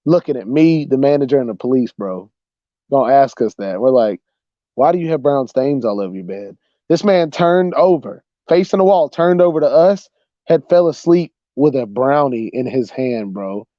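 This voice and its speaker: A young man hosting a livestream, casually telling a funny story, animated and saying "bro" a lot. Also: mid-range voice, normal speed, dry recording, muffled recording. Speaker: livestream host.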